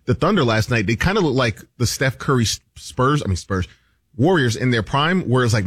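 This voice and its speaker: A man on a sports talk show giving his take on a team, listing players in an animated way. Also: medium pitch, fairly quick, no room sound, clean studio sound. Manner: animated, runs through lists of players. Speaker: show co-host. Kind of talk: casual sports radio talk.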